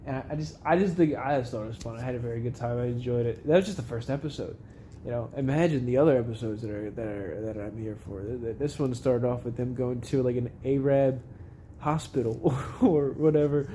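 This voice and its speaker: A man's voice: mid-range voice, brisk, dark tone, slight background noise. A young man casually rambling through a recap of a TV episode, swearing often and laughing at the funny parts. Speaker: vlogger recapping a show.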